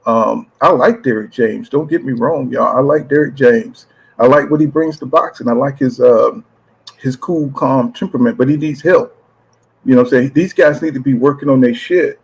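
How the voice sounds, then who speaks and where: A man's voice: medium pitch, moderate pace, slightly rough, low-quality recording. A man hosting a casual boxing chat show, talking in slang, often saying "you know what I'm saying" and reading out viewer comments.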